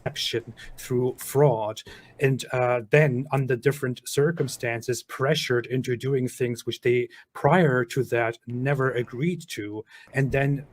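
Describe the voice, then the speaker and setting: A man's voice: medium pitch, fairly even intonation, slow. A man with a German accent giving explanatory commentary, laying out his points methodically, step by step. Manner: methodical, breaks things down step by step. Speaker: video commentator.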